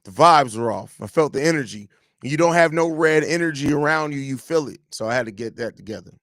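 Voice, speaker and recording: A man's voice: fairly high pitch, quick pace, dry recording, studio quality. A man hosting a live podcast show, reading viewer comments aloud and teasing the people who sent them. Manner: animated, teasing, talks straight to viewers. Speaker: podcast host.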